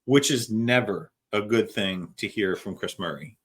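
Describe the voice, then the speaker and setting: A man's voice: lowish voice, a little slow, few pauses, fairly bright tone. A middle-aged man, a paramedic co-hosting a podcast, telling a story in a laid-back, casual way and swearing freely. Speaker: podcast co-host.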